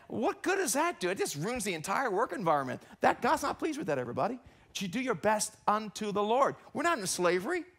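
High-voiced, animated male pastor preaching. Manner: animated, acts out quoted coworkers. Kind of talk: sermon. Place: church.

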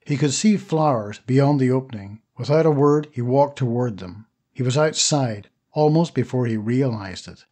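A man narrating a short story as an audiobook, steady and even. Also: medium pitch, normal speed, few pauses. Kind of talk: scripted narration.

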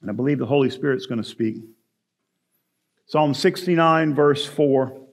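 A man preaching a sermon, rising to loud emphatic lines and dropping to low, quiet asides. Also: normal speed. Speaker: pastor.

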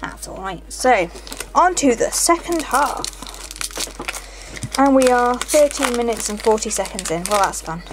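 With a fairly high, expressive voice, a young channel host talks a little slowly as she opens card packs. She's chatty and giggly, reading each card aloud more than once. Background noise and faint music sit behind her.

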